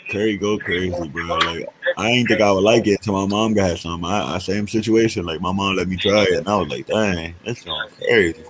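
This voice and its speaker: A man from New York in casual chat, swapping stories in quick back-and-forth. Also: deep voice, background noise.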